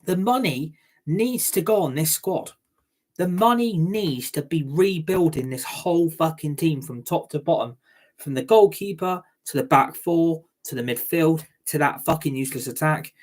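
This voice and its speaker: A football fan who hosts a channel goes on an angry, heated rant, swearing heavily. His voice is fairly high-pitched and his pace moderate.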